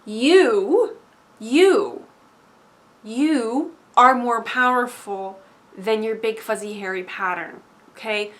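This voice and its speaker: A young spiritual vlogger speaks directly to the camera in an emphatic motivational monologue. Her voice sits on the high side and moves slowly, swinging between loud insistence and hushed asides.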